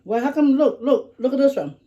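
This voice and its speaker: A woman's voice: high voice, expressive, a little fast, dark tone, dull audio. A middle-aged woman, chatting casually while eating and humming over her food. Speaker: vlogger eating with her daughter. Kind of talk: casual mukbang chat.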